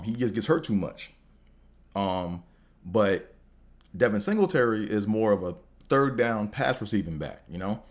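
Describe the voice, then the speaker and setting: A man hosting a podcast, talking casually and animatedly about sports with slang, swearing and rambling restarts. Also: on the low side. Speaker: podcast host.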